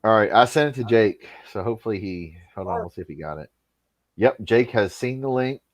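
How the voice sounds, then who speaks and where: A man's voice: lowish voice, expressive, fairly quick. A man hosting a casual live stream, talking in a loose, joking and profane way. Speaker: host.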